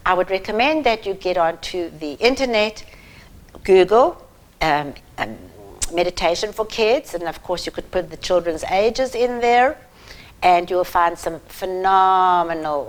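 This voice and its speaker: A woman speaking directly to parents, giving earnest, emphatic advice about children's anxiety. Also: fairly low pitch. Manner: earnest, emphatic, slow and deliberate. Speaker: parenting advisor. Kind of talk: direct-to-camera advice talk.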